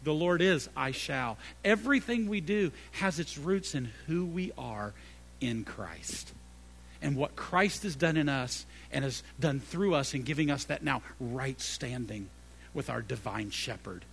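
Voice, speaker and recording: A middle-aged male pastor preaching a sermon, swinging between loud emphatic peaks and hushed low phrases, and repeating key phrases for emphasis. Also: animated, a little slow, gravelly, slight background noise.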